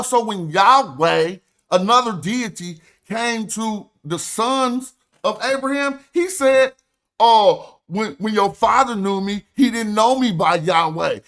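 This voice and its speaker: High-voiced man lecturing emphatically. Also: a bit bright. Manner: emphatic, argumentative, reads aloud from his notes. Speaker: stream host. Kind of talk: livestream lecture.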